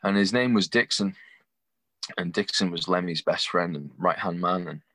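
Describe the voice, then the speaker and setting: A man's voice: deep voice, normal speed, no room sound. Young man rambling through a story. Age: young adult. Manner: rambling, animated anecdotes with laughs; acts out quoted voices. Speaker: guest. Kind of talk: casual storytelling.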